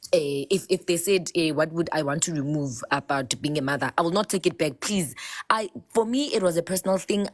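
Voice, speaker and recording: A low-voiced woman speaks casually and expressively on a live chat show, blending local words into her English.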